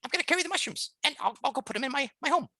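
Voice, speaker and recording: A man voicing a tiny, manic male white mouse spirit, frantic and energetic. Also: very high-pitched, very fast, pitched above the performer's own voice, exaggerated voice. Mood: blunt.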